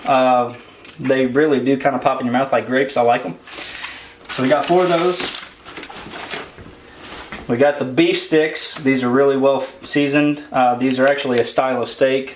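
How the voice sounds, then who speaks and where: A man chats casually through a grocery haul, wandering through his points with plenty of ums and uhs. His voice sits at an ordinary middle pitch. The room gives a noticeable echo, with a faint hiss behind him. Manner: rambling, filler-heavy, relaxed. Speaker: vlog co-host. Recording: roomy echo, faint noise.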